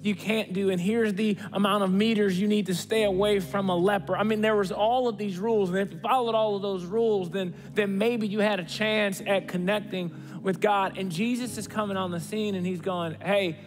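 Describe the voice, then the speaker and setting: Man preaching, high voice, conversational sermon, hushed to excited, long church reverb, faint music. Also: moderate pace, few pauses. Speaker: pastor. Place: church stage.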